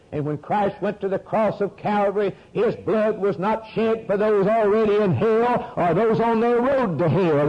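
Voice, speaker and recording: Man, preacher, fervent sermon, fairly high pitch, husky voice, muffled old radio sound. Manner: fervent, swings from low earnest to high rising emphasis.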